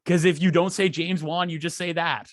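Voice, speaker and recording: A man co-hosting a podcast, ranting about movies in a profane, animated way and acting out quotes. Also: fairly high pitch, normal speed, no echo, clean studio sound. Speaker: podcast co-host. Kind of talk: casual podcast rant.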